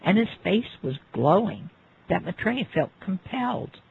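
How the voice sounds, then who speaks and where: A man with a very husky, gravelly voice, pitched a little above the usual, tells a life story in an unhurried, reflective way. He turns to the listener now and then as he goes. The sound is thin and phone-like. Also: sing-song. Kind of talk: spoken narration of a life story. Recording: phone-like lo-fi recording.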